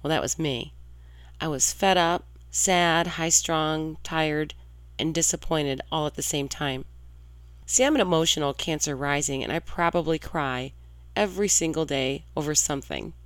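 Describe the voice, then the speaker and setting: A woman's voice: low-pitched, normal speed, dry recording. A woman in her forties from St. Louis, hosting an internet radio show with a chatty, confiding and emphatic delivery. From St. Louis, Missouri. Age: 40s. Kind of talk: scripted monologue.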